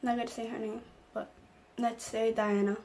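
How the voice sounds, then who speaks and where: A woman's voice: on the high side, little pitch movement, moderate pace, darkish tone, a little hiss or hum. A young woman vlogger telling an emotional personal story, acting out the lines of the people in it. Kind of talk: storytime vlog.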